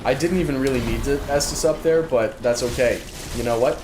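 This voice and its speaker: A man's voice: mid-range voice, brisk, music in the background. Chatty tired male game streamer, roomy. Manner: chatty, self-deprecating, repeats phrases. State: tired, yawning. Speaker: gaming streamer. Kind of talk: casual let's-play commentary. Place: room at a gaming desk with monitors. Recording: roomy sound with background noise.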